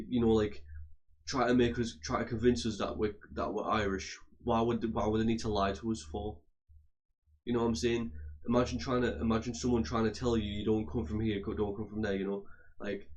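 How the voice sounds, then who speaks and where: A young man from England with a low voice delivers a rambling, argumentative rant. His pitch barely moves, so it comes out flat and level. He keeps circling back and repeating himself. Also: fairly quick. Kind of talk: casual rant to camera.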